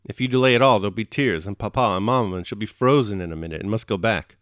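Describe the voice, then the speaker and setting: A man plays a bold schemer in an audiobook, brisk and commanding with a knowing edge. Low voice, dry and close. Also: a bit bright, no echo, lightly acted. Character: bold scheming male nobleman friend.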